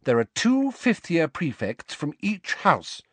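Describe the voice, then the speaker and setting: A man puts on a bossy teenage schoolgirl for an audiobook, her voice pitched high and cutting. She sounds sharp and indignant at every turn. The read is close and dry. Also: huge pitch swings, slow, no echo, exaggerated voice.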